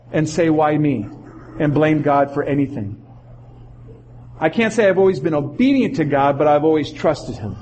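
Male pastor, middle-aged, high-pitched, lively storyteller in a sermon, faint background noise. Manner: animated storytelling, acts out quotes.

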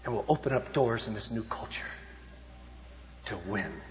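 A man preaching in a storytelling sermon style, swinging between shouted peaks and hushed passages. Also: lowish voice, expressive, normal speed, long reverb tail. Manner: dramatic, shifting from shouts to hushed tones. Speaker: evangelist speaker.

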